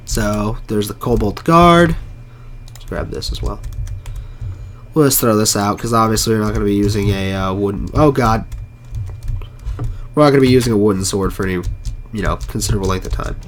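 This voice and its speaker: Hoarse man streaming a game. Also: lowish voice, fairly quick, long pauses, slight background noise. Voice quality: rough, crunchy throat. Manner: mutters to himself while playing, frequent swearing. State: hoarse, sore throat, sniffling. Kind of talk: casual live gameplay commentary.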